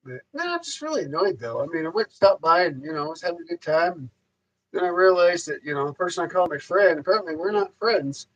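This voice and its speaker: High, lively, swearing livestream ranter. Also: male voice, quick pace, low-quality recording. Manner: profane, ranting, heavy swearing; loose, rambling, repeats himself. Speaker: livestream host. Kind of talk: casual rambling livestream monologue.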